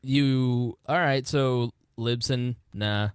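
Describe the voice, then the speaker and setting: A man's voice: mid-range voice, fairly even intonation, very slow, clear, resonant tone, no echo, clean studio sound. Earnest male podcast co-host. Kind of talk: casual political podcast chat.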